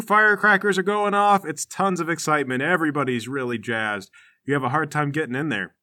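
A man narrates as game master of a tabletop game, playful and lively, tossing in sound effects. His voice is bright and a touch high. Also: fairly quick.

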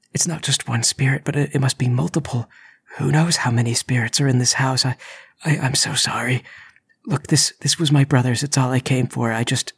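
A man voicing a frightened, trembling male intruder who stammers in a breathy whisper. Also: medium pitch, fairly bright tone.

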